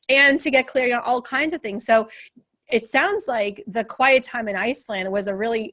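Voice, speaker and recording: Woman host, coaching tone, recaps guest's story, a bit high. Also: fairly bright tone. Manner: reflective, sums up the guest's story back to her. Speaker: podcast host, business coach. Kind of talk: interview conversation.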